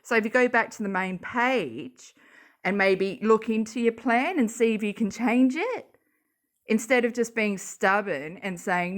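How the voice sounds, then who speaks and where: A woman's voice: on the high side, lively intonation, measured pace. Sarcastic, swearing Australian woman ranting. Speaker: YouTube commentator. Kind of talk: reading and reacting to social media posts.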